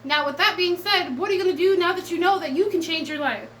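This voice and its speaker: High-voiced, blunt, profane woman. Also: quick pace, a bit bright, a little hiss or hum, low-quality recording. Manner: blunt and profane, swinging between defiant and tender. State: close to tears at times. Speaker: tarot and oracle reader. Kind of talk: emotional casual vlog talk to viewers.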